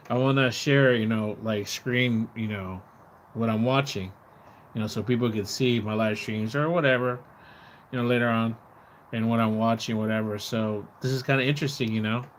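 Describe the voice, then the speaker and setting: Outside near his home, a man livestreams in a rambling, casual way, repeating words and swearing when he gets riled. His mid-range voice is steady at normal speed, with a little hiss or hum in the recording.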